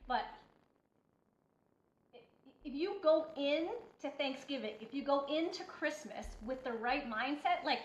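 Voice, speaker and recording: A woman's voice: high voice, expressive, unhurried. A woman giving a blunt, preachy motivational talk as a healthy-eating coach, speaking emphatically to her viewers. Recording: echoey room, dull lo-fi sound.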